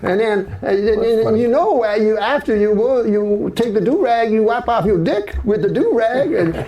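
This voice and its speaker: A man's voice: sits high, lively intonation, normal speed, lo-fi sound. A comedian telling rambling, meandering anecdotes, chuckling as he goes, in a roomy studio recording. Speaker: comedian talk-show guest. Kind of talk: rambling comic storytelling.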